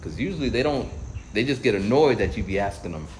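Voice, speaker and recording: A man's voice: fairly low pitch, expressive, quick pace, darkish tone, a little hiss or hum, rough recording. A man vlogging while walking outdoors, telling a casual story and acting out other people's voices. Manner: storytelling, acts out quoted voices.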